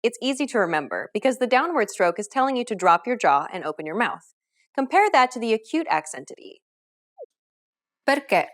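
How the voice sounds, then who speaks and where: A woman teaching a scripted pronunciation lesson, explaining clearly and upbeat, modeling example words. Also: medium pitch, fairly bright tone. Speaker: language teacher.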